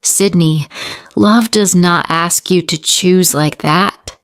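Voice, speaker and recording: A woman's voice: on the low side, slow pace, no echo, clean studio sound. A woman voicing a frank, concerned female friend who asks blunt questions.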